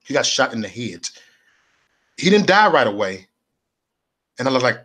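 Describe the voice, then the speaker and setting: A middle-aged man from Chicago tells his life story as a personal testimony, animated and repeating himself, acting out other people's voices. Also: medium pitch, moderate pace, pauses often. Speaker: speaker sharing his testimony.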